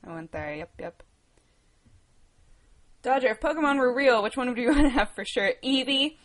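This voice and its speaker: A woman's voice: sits high, lively intonation, normal speed. A woman in her twenties from the United States, chatting casually on a livestream, rambling and laughing as she answers viewer questions. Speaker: livestream host.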